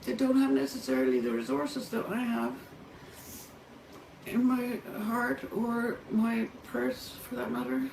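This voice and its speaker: She's a middle-aged woman from Ireland, vlogging in a motel room, and her voice sits on the high side: a little slow, creaky, slightly mellow. Crying and distressed, she delivers a raw piece to camera, swearing heavily and erupting in anger now and then. The distant mic gives a roomy sound with faint hum.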